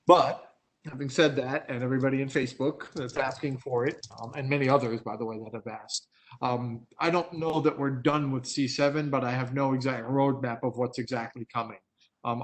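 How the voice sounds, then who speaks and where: A man of medium pitch gives a live online training over a video call mic. He tells product stories candidly and laughs at his own anecdotes, in a relaxed, easygoing way. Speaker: product expert presenter.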